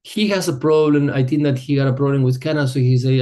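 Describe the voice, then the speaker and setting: Man, middle-aged, yoga teacher, mellow dark tone, English, relaxed, hesitant phrasing. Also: mid-range voice, quick pace. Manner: relaxed, searching for words, non-native phrasing. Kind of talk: teaching a group, telling a personal story.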